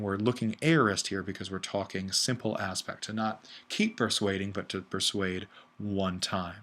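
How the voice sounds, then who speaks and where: Low-voiced man lecturing, self-correcting. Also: a bit bright. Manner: thinks aloud, self-correcting, many fillers. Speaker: Greek instructor. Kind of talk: casual recorded lecture.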